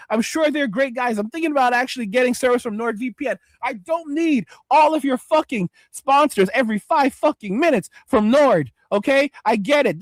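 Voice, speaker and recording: A man with a very high voice for a man, ranting in exasperation and swearing constantly as he reacts to videos on stream. The sound is dry and close, with no room around it. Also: no room sound. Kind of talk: profane reaction rant.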